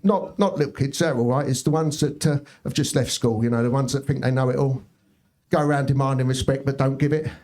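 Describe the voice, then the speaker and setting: Speaking at a medium pitch, this middle-aged stand-up tells his stories with a straight face and keeps throwing quick comments to the people in the club.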